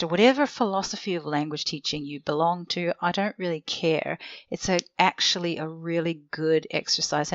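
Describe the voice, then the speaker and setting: A low-pitched woman talks through teaching methods in a relaxed, clear manner and tests ideas with quick yes-or-no questions. Her voice is captured dry and a little dull, with no room echo. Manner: casual, clear explaining with rhetorical questions. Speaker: language teacher trainer. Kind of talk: instructional podcast talk. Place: seated indoors.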